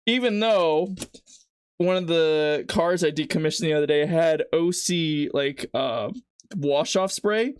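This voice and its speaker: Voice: medium pitch, measured pace, clean tone, dry recording, studio quality. A live streamer chatting casually and rambling while cooking at home, teary-eyed from an onion and poking fun at themself. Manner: rambling, chatty, self-mocking. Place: home kitchen.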